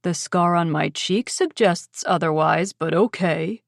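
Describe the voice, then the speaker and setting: A woman's voice: fairly low pitch, measured pace, gravelly, dry recording, studio quality. A woman voicing a cocky, sleazy male sports reporter in an audiobook. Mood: smug. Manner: cocky, dismissive.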